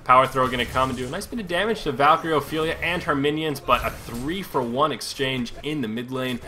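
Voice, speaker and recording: A man's voice: medium pitch, brisk, pushed and bright. A man casting a live video game match solo, giving chatty play-by-play and thinking aloud as he corrects himself. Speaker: esports caster.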